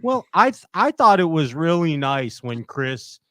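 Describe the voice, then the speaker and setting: A man's voice: on the high side, sing-song, a little slow, pushed and bright, no echo. A man hosting a casual fishing chat over a video call, teasing his guests and laughing often. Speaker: host.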